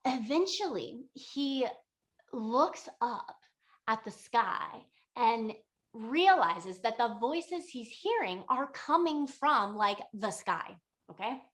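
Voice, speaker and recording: A woman's voice: fairly high pitch, lively intonation, slow pace, fairly bright tone. A woman, a yoga and meditation teacher, casually retelling a legend in a chatty, filler-heavy way. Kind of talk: casual spoken storytelling.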